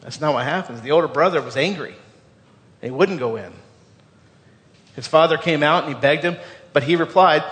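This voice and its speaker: A man's voice: on the high side, moderate pace, long pauses, fairly bright tone. A man giving a sermon as a pastor, earnest, stumbling over repeated words and asking the congregation questions. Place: church sanctuary. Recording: long reverb of a church hall.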